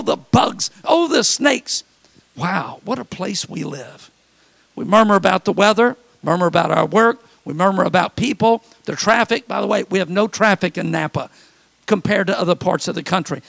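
A pastor delivering a lively sermon, acting out the whiny voices of complaining people. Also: male voice, high voice, gravelly, no echo. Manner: preaching with mimicked complaining voices.

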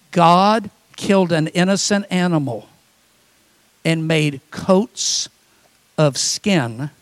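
A middle-aged male pastor preaching a sermon, animated, acting out quoted voices and joking with the congregation. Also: fairly high pitch, dry recording.

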